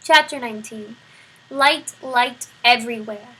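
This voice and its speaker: A woman reading a children's novel aloud, expressive and speaking straight to the listener. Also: on the high side, unhurried, slightly rough, low-quality recording. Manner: expressive, addresses the listener directly. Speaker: storybook reader.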